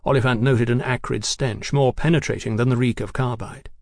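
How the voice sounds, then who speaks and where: A man narrating a novel as an audiobook, measured and descriptive. His voice sits at a middling pitch. The recording is dry and close, with no room sound. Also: steady tone, creaky, dry recording.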